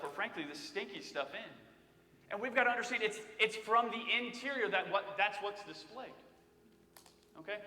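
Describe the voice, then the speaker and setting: A man in his thirties preaches in a church, his voice high and bright. He tells stories in a casual, humorous way, and the sound rings with a long echo through the hall. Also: a little hiss or hum. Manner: conversational storytelling with humor. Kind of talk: sermon. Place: church sanctuary.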